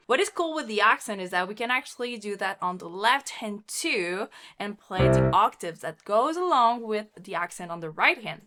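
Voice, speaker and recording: A woman teaching rock keyboard patterns, explaining them cheerfully and counting beats aloud while she plays. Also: mid-range voice. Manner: upbeat, instructive. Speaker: piano teacher. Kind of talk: keyboard lesson with demonstrations. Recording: loud piano playing alongside.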